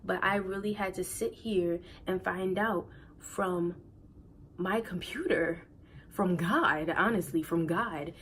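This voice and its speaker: A woman's voice: fairly low pitch, slight background noise, rough recording. A young woman telling a personal storytime in a casual, slangy way, emotional and close to tears, often repeating herself. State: near tears. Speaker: vlogger.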